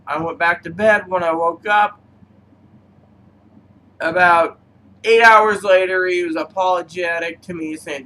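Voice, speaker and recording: Between cigar notes, a man whose voice is high and sharp-edged wanders through personal anecdotes, halting frequently with fillers like "um" and "so." The recording quality is poor, with a faint hiss running underneath his rambling talk.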